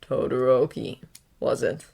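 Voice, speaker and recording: A woman voicing a sinister adult male killer who speaks in a slow, oily drawl. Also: a bass voice, creaky, warm tone, slightly rough, voice pushed down, heavily acted. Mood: menacing.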